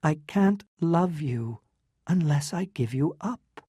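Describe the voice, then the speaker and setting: A woman's voice: deep voice, expressive, takes it slowly, warm tone, breathy edge, no room sound, clean studio sound, voice pushed up, exaggerated voice. A narrator voicing a proud, wounded young woman in love, pleading and emotional in a storybook reading.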